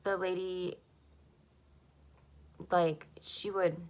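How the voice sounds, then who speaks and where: A woman's voice: on the low side, flat delivery, extremely slow, darkish tone. A young woman telling a personal story to the camera, emotional, with a lot of "like" and "um". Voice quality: gravelly creak. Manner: emotional, frequent "like" and "um" fillers. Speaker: vlogger.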